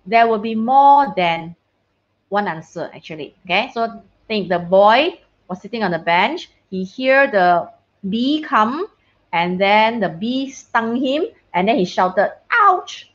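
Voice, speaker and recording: Slow and expressive, a woman with a mid-range voice chats casually through a science lesson for an online class on a video call. She often checks that students can hear her and adds short Mandarin phrases, all on dull-sounding audio.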